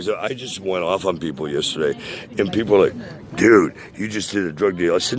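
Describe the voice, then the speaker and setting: A man's voice: deep voice, fairly quick. Profane rambling man in his sixties. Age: 60s. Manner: many "uh" and "um" hesitations. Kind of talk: casual rant to a friend.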